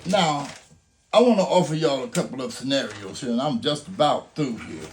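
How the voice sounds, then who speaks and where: A man's voice: medium pitch, expressive, moderate pace, slight background noise. An older man making an impassioned, preacher-like appeal, full of rhetorical questions and story scenarios. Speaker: grandfather urging people to vote.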